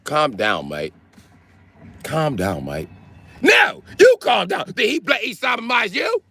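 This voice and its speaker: A man voicing a fussy, whiny British redcoat soldier, putting on a shrill British manner and shouting in high-pitched outrage. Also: big pitch swings, slow, soft background music, heavily acted. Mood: outraged. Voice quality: shrill, put-on British "mate" talk.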